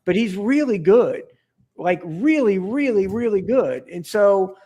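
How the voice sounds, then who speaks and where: High-voiced man, rambling podcast guest. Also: animated, unhurried, warm tone. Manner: rambling, enthusiastic, many restarts and fillers. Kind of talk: casual podcast chat.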